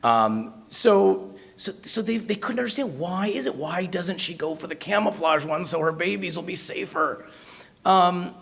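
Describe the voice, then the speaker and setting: Gravelly-voiced American man telling stories. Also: sits high, animated, unhurried, fairly bright tone. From United States. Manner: chatty and self-mocking, with many fillers and restarts. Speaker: guest speaker at a university. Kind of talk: storytelling public talk.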